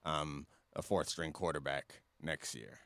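A man's voice: rumbling low, fairly even intonation, a little slow, gravelly, bright, forceful tone, no echo. A man co-hosting a sports podcast, giving easygoing, opinionated takes in loose casual phrasing. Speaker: podcast co-host.

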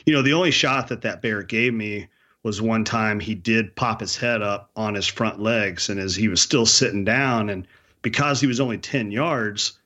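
Bright-voiced man telling a story. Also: fairly low pitch, moderate pace, lo-fi sound. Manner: animated storyteller, slangy. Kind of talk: casual chat.

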